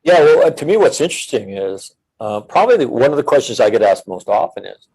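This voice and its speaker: A man's voice: medium pitch, expressive, gravelly, darkish tone, husky, low-quality recording. A middle-aged man who is a military veteran, talking earnestly and reflectively in a casual podcast conversation. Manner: earnest, reflective, speaks in measured phrases.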